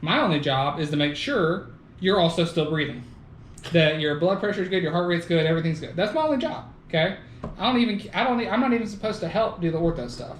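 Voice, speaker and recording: High-pitched and quick, a male podcast host keeps his intonation lively through a casual chat. Frequent laughter and an occasional curse run through his talk, recorded in an echoey room with faint noise.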